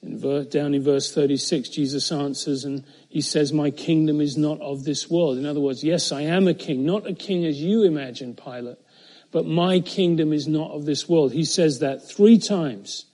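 A man preaching an expository Bible teaching, measured and emphatic, slowing down on key phrases, with occasional fillers and self-corrections. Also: on the high side, mellow.

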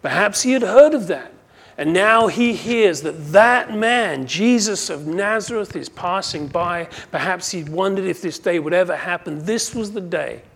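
A man preaching a sermon, who acts out the quoted cries and moves from hushed asides to loud, impassioned calls. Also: high voice, lively intonation, unhurried, vocal fry, breathy edge. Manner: swings from hushed to shouting when quoting cries; dramatizes quoted voices.

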